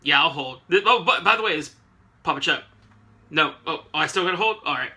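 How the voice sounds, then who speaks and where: A man's voice: a little high, lively intonation, brisk, bright, forceful tone. A man voicing a flustered elderly male professor stuck on phone hold, stammering and fumbling.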